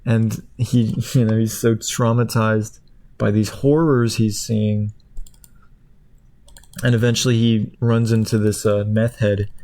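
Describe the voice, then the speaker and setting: A man's voice: on the low side, flat delivery, takes it slowly, mellow. A man casually retelling a story in a meandering, chuckling way, with lots of fillers. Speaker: video creator. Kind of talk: casual rambling plot retelling.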